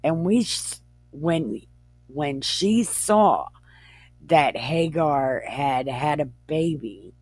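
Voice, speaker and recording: Slow-talking, profane woman storyteller. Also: low voice, expressive, darkish tone, no echo. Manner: profane, slangy, laughs often. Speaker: comedic scripture reader. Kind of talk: irreverent casual retelling.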